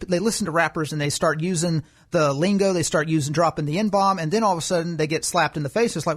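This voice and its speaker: A man co-hosting a political talk podcast, his voice pitched a little high. He lectures emphatically and drives each argument home. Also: fast talker, hardly any pauses. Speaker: podcast co-host. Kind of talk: political commentary chat.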